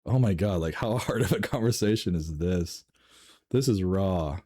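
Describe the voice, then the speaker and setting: A man reading online stories aloud and reacting with laughs, swearing and sudden jumps in pitch. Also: animated, normal speed, dark tone. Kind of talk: casual reading and commentary.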